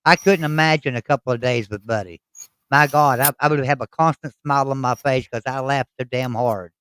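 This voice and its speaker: A man's voice: medium pitch, a little fast, fairly bright tone, slight background noise. A man with a West Virginia Appalachian accent, hosting a casual chat and telling rambling, folksy stories. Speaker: host.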